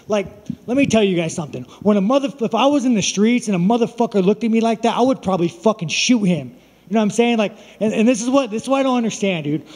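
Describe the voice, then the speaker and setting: High-voiced man, profane and taunting. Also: animated, fast talker, a little mellow, in a large hall. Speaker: fighter at a press conference. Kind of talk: press conference talk.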